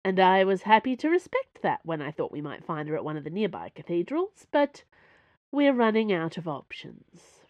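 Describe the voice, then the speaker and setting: A woman voicing a gruff, chilly, forceful woman in a read-aloud story. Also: lowish voice, very animated, moderate pace, dry recording, dull audio. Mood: urgent.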